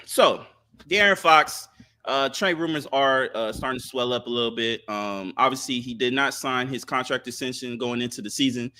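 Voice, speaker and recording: A man co-hosting a podcast, giving thoughtful casual sports talk with many filler pauses. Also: mid-range voice, bright, forceful tone. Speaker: podcast co-host.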